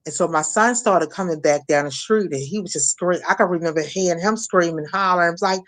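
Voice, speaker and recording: A middle-aged woman from Maryland giving an emotional personal testimony as an interview guest, halting, repeating words and acting out what others said. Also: fairly low pitch, fairly bright tone. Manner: halting, repeats words, acts out quoted voices. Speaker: guest, shooting survivor.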